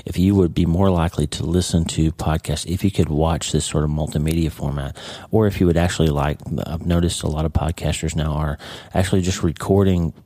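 A man's voice: extremely low pitch, steady tone, a little fast, dark tone, no room sound. A middle-aged man hosting a podcast, giving a casual devotional talk on reading Scripture, often checking in with "okay?" and "right?". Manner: conversational, with frequent "okay?" and "right?" tags. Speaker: podcast host and Bible teacher.

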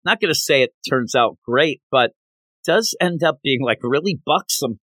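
A man hosting a podcast, recapping a manga chapter in animated casual chat with lots of fillers. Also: medium pitch, moderate pace, no room sound. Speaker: podcast host.

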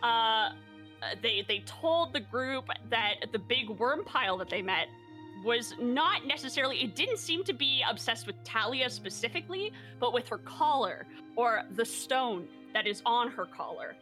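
A woman recapping a tabletop game session in casual narration, animated and laughing, often swearing and acting out quotes. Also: on the high side, unhurried, faint music behind.

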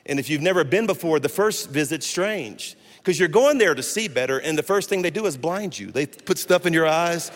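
Sermon casting: man, 60s, fairly high voice, funny animated preacher, long church reverb. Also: moderate pace, few pauses. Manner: animated storytelling with humor. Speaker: guest pastor. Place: church sanctuary.

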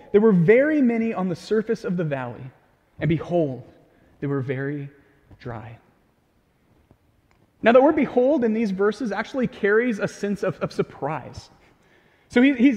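Male preacher, high voice, casual and conversational, echoing church hall. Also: darkish tone. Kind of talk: sermon. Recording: long hall reverb.

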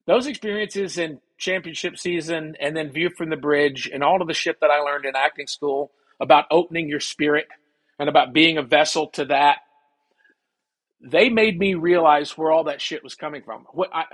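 Husky man telling stories. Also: a little high, low-quality recording. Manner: animated storyteller, acts out quotes. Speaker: actor and guest. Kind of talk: storytelling in conversation.

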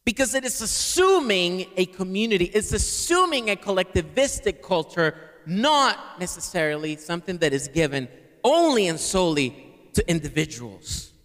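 Male preacher, fairly high voice, long hall reverb, sermon, calls on the crowd to repeat words. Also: sing-song, moderate pace, fairly bright tone. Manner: preaching to a live congregation, asks them to repeat words.

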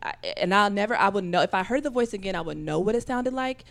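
A woman telling a long personal story as a podcast guest, rambling with fillers and acting out other people's voices with big jumps in pitch. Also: lively intonation, fast talker, a bit bright. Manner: talks in rambling runs with many fillers.

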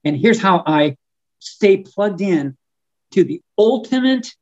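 A man, an author and guest on a podcast, talking in a fervent preaching style, often repeating words and slowing down on key words. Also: sits high, lively intonation, dull audio. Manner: fervent and emphatic, stretching key words slowly; frequent stumbles and repeated words. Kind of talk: preaching-style conversational talk.

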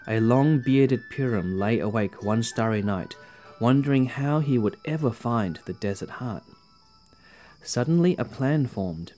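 Man narrating a storybook, faint music. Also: mid-range voice. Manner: gentle storytelling, dramatic reading.

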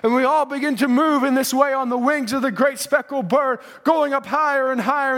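A male preacher delivering a sermon, swinging from shouted, singsong lines to quiet asides. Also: very high-pitched, fairly quick, few pauses.

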